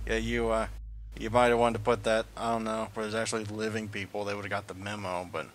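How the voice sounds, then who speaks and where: A man's voice: lowish voice, little pitch movement, fast, slight background noise. A man giving casual gameplay commentary, rambling with joking asides and correcting himself as he goes. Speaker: let's play commentator.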